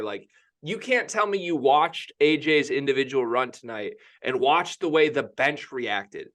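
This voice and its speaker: Bright, emphatic sports podcast host. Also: male voice, a little high. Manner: opinionated, emphatic, repeats himself. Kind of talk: casual sports podcast chat.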